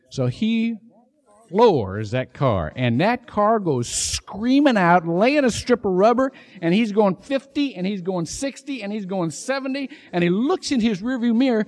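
Animated high-voiced preacher. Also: male voice, moderate pace. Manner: animated storytelling with sudden emphatic bursts. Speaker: pastor. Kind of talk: sermon. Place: church sanctuary.

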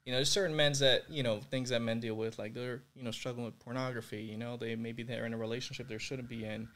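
A man's voice: mid-range voice, steady tone, fast talker, fairly bright tone. Young adult male guest, earnest, reflective, filler-heavy, mid-range voice. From Puerto Rico. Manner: earnest and reflective, heavy use of "like" and "you know". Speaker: guest sharing his faith testimony. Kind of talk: candid interview conversation.

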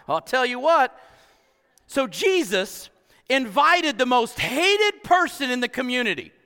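Animated male preacher with a lively, sharp delivery in a reverberant church hall. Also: very high voice. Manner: animated, exclaiming "huh?" and "come on". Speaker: pastor. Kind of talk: sermon.

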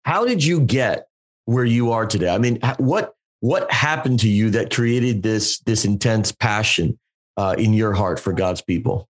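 A man's voice: lowish voice, expressive, a little slow. A man hosting a faith podcast, affirming his guest and asking long framing questions. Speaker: podcast host. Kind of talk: podcast interview, pastoral.

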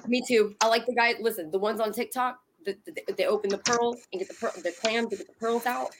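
A woman in her thirties co-hosting a podcast, excitable and playful in casual banter. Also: fairly high pitch, a little fast, background noise. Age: 30s. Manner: excitable, playful, talks over others. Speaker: podcast co-host.

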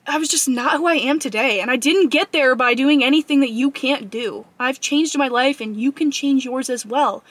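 High-voiced earnest young woman, dry close mic. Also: fairly bright tone, dry recording. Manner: earnest, emphatic, acts out an inner voice in quick asides. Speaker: fitness vlogger. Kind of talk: motivational talk to camera.

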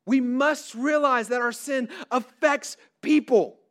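A middle-aged male pastor preaching a sermon to a large crowd, pressing his points with rising emphasis and drawn-out stressed words. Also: extremely high pitch, a bit bright. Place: large hall before a crowd.

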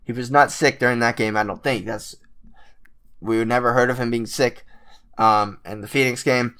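A man's voice: medium pitch, fairly even intonation, moderate pace, a bit bright, smooth. A young man, sick and with a cracking voice, ranting in casual commentary as a frustrated basketball fan who swears a lot. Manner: exasperated, swears a lot, many fillers.

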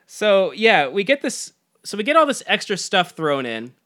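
A man co-hosting a relaxed movie podcast, his voice sitting slightly high with a bright, forward tone. He rambles loosely through plot points, chuckles often and slips into playful mock voices. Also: normal speed. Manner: laughs often, quotes characters in mock voices. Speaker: podcast co-host. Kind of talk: casual movie review chat.

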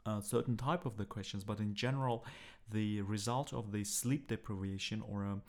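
Low-voiced man co-hosting a podcast. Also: steady tone, moderate pace. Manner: hesitant, with frequent fillers and restarts. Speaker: podcast co-host. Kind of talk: casual podcast chat.

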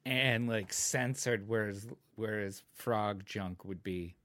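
A man's voice: on the low side, slow pace, fairly bright tone, no echo, studio quality. A man riffing on absurd comic ideas in casual chat.

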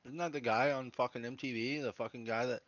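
A man's voice: mid-range voice, steady tone, fast talker, fairly bright tone, no room sound, lo-fi sound. A man cohosting a podcast in casual banter, joking, laughing often and swearing. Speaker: podcast co-host.

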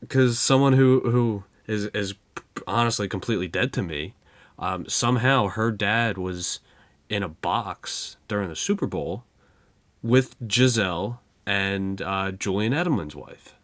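A man's voice: on the low side, a little slow, a bit bright, no echo. Rambling young man on a podcast, dry sound. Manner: loose, joking, rambling with fillers. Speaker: podcast co-host. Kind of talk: casual chat.

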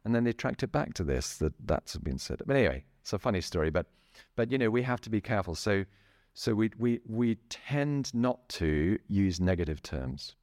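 A middle-aged man speaking as a therapist guest in a relaxed interview, chatty, laughing often and restarting his sentences. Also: fairly low pitch, moderate pace, no room sound, clean studio sound. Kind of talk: casual interview talk.

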